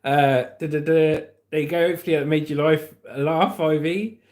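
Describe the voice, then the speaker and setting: A middle-aged man with an English accent hosts a livestream, chatting casually and reading out comments in a jokey way, laughing often. His voice is on the high side, a little mellow, fairly even in intonation and moderate in pace.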